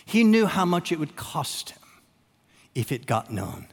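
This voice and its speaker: A man preaching a sermon with dramatic repetition, long pauses, and swings from loud emphasis to a hush. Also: fairly high pitch, big pitch swings, slightly rough. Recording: long reverb of a large hall.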